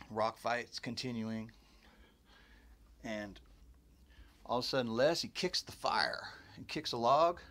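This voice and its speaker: A man casually telling a story about something that happened to him, rambling and animated as he goes. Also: mid-range voice. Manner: rambling and animated, acts out others' exclamations. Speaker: storyteller recounting his own encounter.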